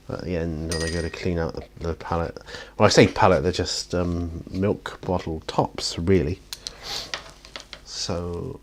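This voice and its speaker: A hobby painting vlogger chats casually as he paints miniatures in his home studio, his deep voice carrying a slight hiss or hum. He is tired, yawns often, and rambles with self-deprecating humor.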